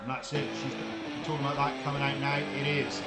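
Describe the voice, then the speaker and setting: A man calling a wrestling video game match, getting loud and swearing at big moments and laughing through the calls. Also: mid-range voice, completely flat delivery, a little fast. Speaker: play-by-play commentator. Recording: roomy sound with loud music behind.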